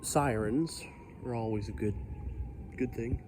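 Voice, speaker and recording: A man talks casually into a handheld camera outside his house as a storm moves in, chatty and self-deprecating. His voice sits at an ordinary middle pitch. Wind and storm noise come through clearly around him. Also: a little slow, warm tone. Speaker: vlogger filming a storm. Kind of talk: casual rambling commentary.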